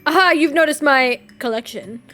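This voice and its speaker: A woman's voice: bright, forceful tone, faint music behind. Woman doing creepy lisping innkeeper man. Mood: creepy-cheerful. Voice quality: slight lisp, odd emphasis. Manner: slow, sing-song with sudden high jumps. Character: creepy grinning hunched male innkeeper, unsettling.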